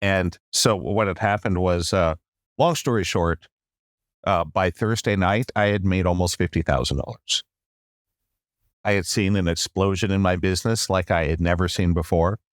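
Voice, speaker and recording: Deep-voiced man telling his story. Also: normal speed, dry recording, clean studio sound. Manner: animated storyteller, repeats "long story short", acts out quoted rants. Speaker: podcast guest. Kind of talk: storytelling in a podcast interview.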